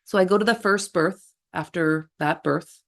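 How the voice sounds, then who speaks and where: A middle-aged woman, a birth attendant, telling stories in a blunt, animated interview style and swearing freely. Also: lowish voice, moderate pace, vocal fry. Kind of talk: candid storytelling interview.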